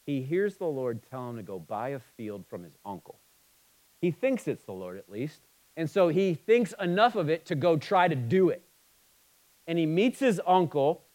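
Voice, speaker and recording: A man preaching a sermon, moving between emphatic, passionate stretches and quiet, somber ones. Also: a little high, low-quality recording. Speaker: pastor.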